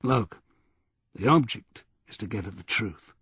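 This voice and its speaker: A man's voice: on the low side, expressive, a little slow, a bit bright, husky, dry recording, heavily acted. A man playing a blunt, persistent police detective in an audiobook, pressing with firm questions.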